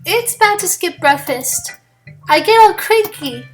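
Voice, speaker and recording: A woman voicing a bubbly, clumsy teenage girl in a game, talking in a whiny, giggly, high-pitched way. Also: expressive, unhurried, faint music behind.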